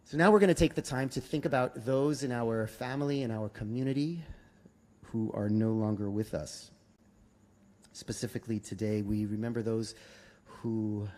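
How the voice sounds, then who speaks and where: A man with a low, gravelly voice leads a Shabbat service as rabbi. He speaks earnestly and stumbles into restarts when he talks without notes. There is faint ambient noise behind him. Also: brisk, a little mellow.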